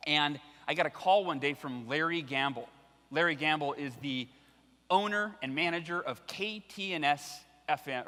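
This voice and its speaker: A man in his thirties giving a storytelling keynote speech, animated and acting out the voices in his anecdotes. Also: a little high. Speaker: keynote speaker. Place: large hall with a live audience. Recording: long hall reverb from the stage.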